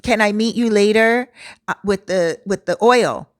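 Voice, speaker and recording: A woman's voice: medium pitch, a little slow, lightly acted. A woman quoting a coaxing flirtatious street hustler. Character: flirtatious local woman hustling a foreign man.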